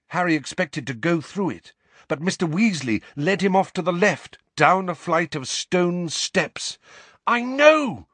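Male narrator, lively pitch, dry close-mic read. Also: dry recording. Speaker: audiobook narrator. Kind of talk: scripted narration.

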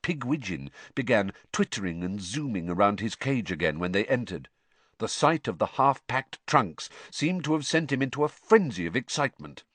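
An audiobook is read by a man using an expressive storytelling style. His pitch is fairly low, his pace moderate, and there's no room sound.

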